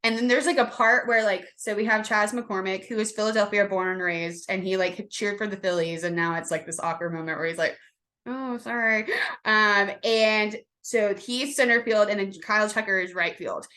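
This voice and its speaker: A woman co-hosting a casual sports chat podcast, rambling and excitable, with lots of fillers and restarts. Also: medium pitch, normal speed, few pauses. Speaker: podcast co-host.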